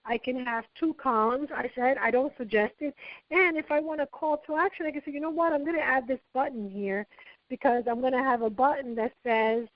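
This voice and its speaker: A woman marketing trainer walking through a software tutorial step by step, chatty and narrating each click aloud. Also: sits high, fairly quick, no echo, dull audio. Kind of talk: screen-share software tutorial.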